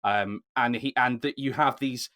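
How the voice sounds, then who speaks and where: A man hosting a casual film discussion, getting animated when he makes a point. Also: mid-range voice, normal speed. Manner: animated, rising sharply when emphatic. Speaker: podcast host.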